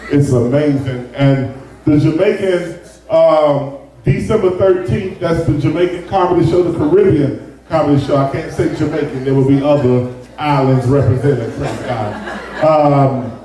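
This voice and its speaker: A man's voice: a little high, measured pace, dark tone. A man in his forties, co-hosting a live event and teasing the crowd. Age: 40s. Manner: playful, teasing asides. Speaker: co-host. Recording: very echoey hall with crowd, distant mic.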